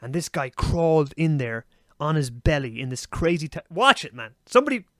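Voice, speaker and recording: A young Irish man co-hosting a podcast, telling animal stories in a lively casual way and swearing freely. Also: fairly high pitch, brisk, no echo, studio quality. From Ireland. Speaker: podcast co-host. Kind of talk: casual chat.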